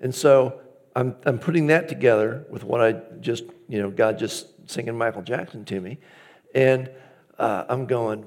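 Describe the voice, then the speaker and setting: A man's voice: medium pitch, normal speed, a little mellow. A man preaching a conversational, storytelling sermon as pastor, acting out his own inner dialogue.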